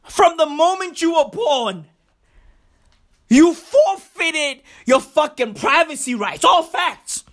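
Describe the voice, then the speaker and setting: A woman delivers a comedic rant in a high voice that leaps up and down. She drawls each point out slowly and shouts often. Her talk is loaded with profane slang.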